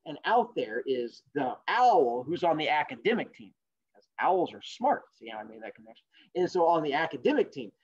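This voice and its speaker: A male teacher telling fables to an online class, jokey and animated, with sarcastic asides, in a dull lo-fi recording. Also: on the high side, a little fast, husky. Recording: dull lo-fi sound.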